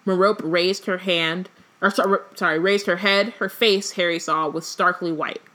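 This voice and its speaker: A woman's voice: on the low side, fairly even intonation, moderate pace, a bit bright. A woman co-hosting a book podcast, reading passages aloud and chatting casually with lots of "like" and "um". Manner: reads passages with fillers, many "like"s. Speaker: podcast co-host.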